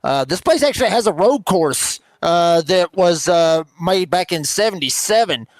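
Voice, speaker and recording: Excitable high-voiced announcer. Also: male voice, normal speed, no echo. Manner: excitable, rambling, folksy. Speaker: race announcer. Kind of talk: sim racing commentary.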